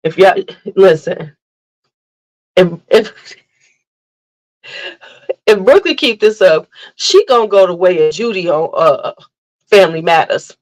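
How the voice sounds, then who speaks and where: A woman hosting a casual livestream, telling animated family stories, laughing often and greeting viewers by name. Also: on the low side, slow pace, long pauses, poor audio. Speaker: livestream host chatting with viewers. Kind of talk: casual chat.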